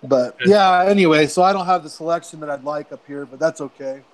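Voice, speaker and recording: Man from idaho, guest on a beer chat, relaxed and rambling, slightly high voice. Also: brisk.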